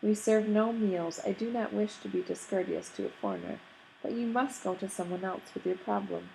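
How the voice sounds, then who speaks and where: A woman's voice: mid-range voice, animated, normal speed, vocal fry, a little mellow, a little hiss or hum, pitched above the performer's own voice, low-quality recording. A woman reading the part of a stern, busy older male rabbi who speaks curtly and formally. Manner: cross, curt, formal.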